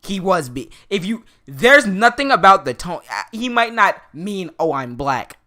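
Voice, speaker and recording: A man's voice: high-pitched, big pitch swings, normal speed, sharp tone. A man streamer in casual chat, rambling with many fillers and restarts.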